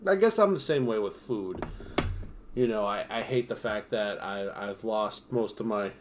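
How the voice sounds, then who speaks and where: A man's voice: fairly low pitch, lively intonation, a little slow, background noise. A man on a home livestream reading nonfiction aloud and breaking off into profane, self-mocking asides. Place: home streaming setup.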